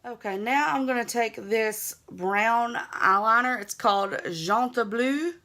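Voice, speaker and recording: A woman's voice: a little high, unhurried, sharp tone. A young woman with a Southern US accent, chatting easygoing and self-teasing as she narrates a makeup tutorial. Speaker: beauty vlogger.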